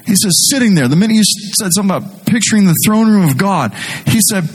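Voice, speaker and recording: Husky-voiced man preaching a sermon. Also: sits high, poor audio. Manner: conversational, animated storytelling with rising intensity; reads scripture slowly and deliberately.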